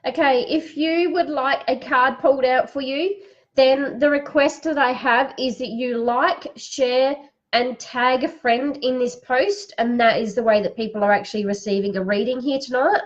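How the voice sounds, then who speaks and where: A woman's voice: high voice, fairly even intonation, normal speed, muffled recording. A woman hosting a live-streamed card reading, calling out viewers by name and reading affirmations aloud, sniffling a little. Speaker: psychic card reader.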